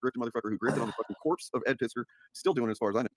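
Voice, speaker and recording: A man's voice: mid-range voice, rapid-fire, no room sound. A man ranting contemptuously in a played stream clip, swearing often. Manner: crude, contemptuous, profane. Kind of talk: casual stream rant.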